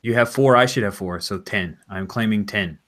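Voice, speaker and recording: A man's voice: fairly low pitch, normal speed, a bit bright. A man running a tabletop game as game master, genial and stumbling over fillers as he handles the dice.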